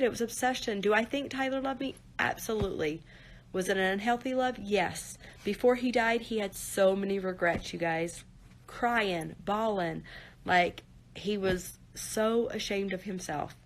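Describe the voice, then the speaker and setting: A woman on a live stream, talking to viewers in an earnest, direct way and often saying "you guys" and "like". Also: medium pitch. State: near tears at times.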